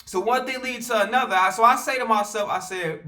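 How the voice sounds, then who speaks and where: A man telling a casual storytime vlog, animated and profane, rambling with fillers and restarts. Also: high-pitched, brisk.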